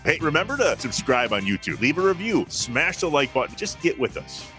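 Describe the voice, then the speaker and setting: A man's voice: fairly high pitch, sing-song, brisk, sharp tone, faint music behind. A man hosting a podcast, steering the talk with dry, wry remarks. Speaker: podcast host.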